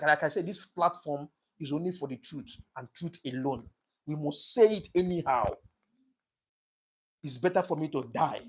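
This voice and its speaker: A man's voice: on the high side, slightly rough. A man giving an impassioned, preachy political monologue, repeating his points for emphasis. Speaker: commentator on his own channel.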